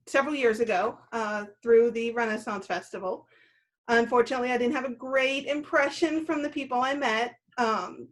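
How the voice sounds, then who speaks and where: Woman in her thirties, interview guest, easygoing, voice a bit high, hesitates often. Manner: easygoing, with frequent "uh" and "um". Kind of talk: casual interview.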